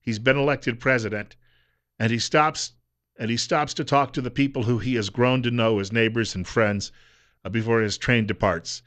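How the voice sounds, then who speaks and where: Brief: male talk radio host, chatty and unpolished, mid-pitched voice, studio booth. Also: moderate pace, a bit bright. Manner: conversational, with frequent uh fillers and repeats. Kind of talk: casual radio commentary.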